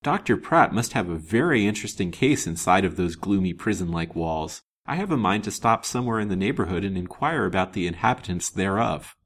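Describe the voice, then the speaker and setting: A courteous detective who keeps his suspicions to himself, as a male reader voices him. He speaks in a formal, musing manner, and his voice moves up and down with life. It has a husky edge. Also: deep voice, expressive, a little fast, few pauses, a bit bright, full character voice.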